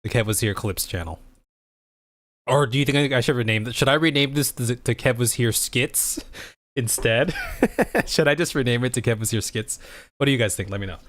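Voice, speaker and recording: A man's voice: medium pitch, moderate pace, a bit bright. A man hosting his own channel, casually talking through plans and thinking aloud to his viewers. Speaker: streamer and channel host.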